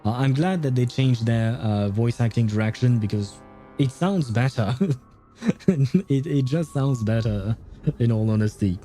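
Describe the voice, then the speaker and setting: A man's voice: mid-range voice, a little slow, warm tone, faint music behind. A man commenting on a game on a livestream, chatty and hesitant with frequent laughs. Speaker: livestream host. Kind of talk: gameplay commentary.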